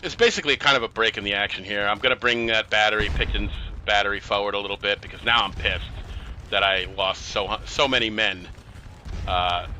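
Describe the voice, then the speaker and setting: A man's voice: lowish voice, pushed and bright, a little hiss or hum, poor audio. A man giving casual, chatty commentary on a strategy game he is playing, with exasperated, sarcastic asides. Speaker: gameplay commentator.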